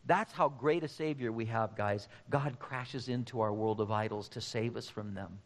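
A man's voice: fairly low pitch, moderate pace, big-room sound. A man preaching a sermon, speaking emphatically and addressing the congregation directly. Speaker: pastor.

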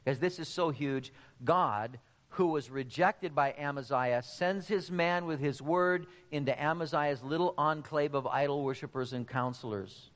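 A man's voice: a little high, a little slow, few pauses, fairly bright tone, in a large hall. A man preaching a sermon, speaking emphatically and addressing the congregation directly. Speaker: pastor.

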